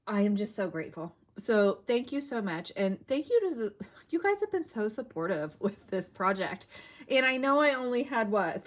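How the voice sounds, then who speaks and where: A middle-aged woman talks through her handmade craft project in a casual vlog, chatty and quick to poke fun at herself. Her voice sits at an average pitch, and she fills her pauses with plenty of ums. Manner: chatty and self-deprecating, with many fillers. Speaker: crafting channel host.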